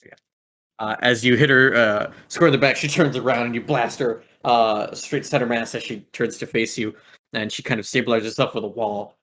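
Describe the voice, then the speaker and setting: A man running a tabletop game, narrating combat in a relaxed, rambling way. His pitch sits in an ordinary middle range, and he stops often for filler words. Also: normal speed. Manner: laid-back, full of filler words. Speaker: game master.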